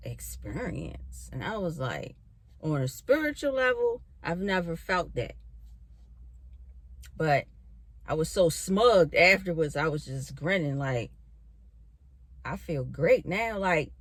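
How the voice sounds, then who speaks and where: Woman, young adult, casual vlog storytelling, slow unhurried delivery, dry room sound. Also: lowish voice, no room sound. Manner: animated, filler-heavy, swears casually. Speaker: spiritual vlogger. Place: bedroom. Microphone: camera in a bedroom.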